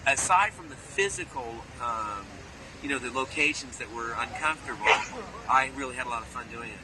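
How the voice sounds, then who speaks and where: A man in an animated interview, telling playful stories and slipping briefly into character voices, recorded outdoors near traffic. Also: medium pitch, brisk. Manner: playful storyteller who slips into character voices. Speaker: actor interviewee. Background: street and car noise.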